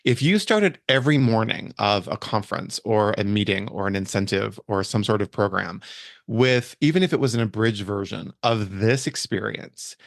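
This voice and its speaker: A man's voice: lowish voice, animated, normal speed, gravelly, no echo, studio quality. A man hosting a podcast interview, speaking passionately and emphatically, often repeating himself for weight. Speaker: podcast host, event planner. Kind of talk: conversational interview.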